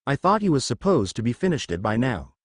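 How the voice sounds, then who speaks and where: Mischievous young dad, read by a man, playful, pleading, slightly raised pitch, dry sound. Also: sing-song, fairly quick, no room sound. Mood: cheerful.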